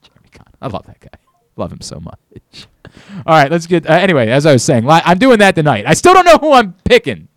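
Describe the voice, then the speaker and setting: A brash male sports radio host ribs his co-host in loose studio banter. His pitch rises and falls all over the place as he talks. The sound is close and dry. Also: huge pitch swings, brisk, dry recording. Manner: brash, teasing, swings from mock outrage to laughter. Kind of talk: casual sports radio chat. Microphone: studio microphone.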